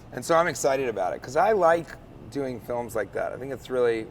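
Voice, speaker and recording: A man's voice: medium pitch, a little hiss or hum. A man in his thirties, an actor chatting loosely in an interview, rambling and joking as he acts out bits. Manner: rambling, jokey, acts out other people's lines. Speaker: interview guest, comedic actor. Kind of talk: casual interview chat.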